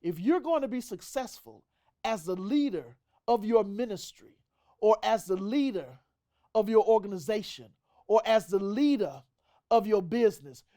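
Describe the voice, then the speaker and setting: A woman's voice: mid-range voice, dark tone. A woman host giving a motivational business talk, emphatic, with preacher-like repetition.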